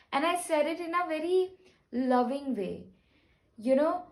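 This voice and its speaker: A woman talking casually to camera in an earnest, rambling, gentle way, with many restarts. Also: high-pitched, measured pace, low-quality recording. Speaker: spiritual vlogger. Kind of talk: casual personal talk to camera.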